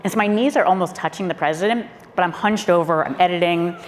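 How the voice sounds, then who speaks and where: Animated woman telling a story in a hall. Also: lowish voice, fast talker. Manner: animated storyteller, acting out quotes, laughing often. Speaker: former presidential speechwriter on a panel. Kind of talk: lively anecdote told to a live audience. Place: auditorium panel event. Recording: long hall reverb, faint room noise.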